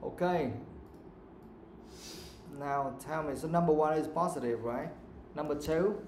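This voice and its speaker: A man's voice: a little high, a little slow, roomy sound, background noise. A man with a Vietnamese accent teaching an English speaking lesson live, modelling intonation with exaggerated examples.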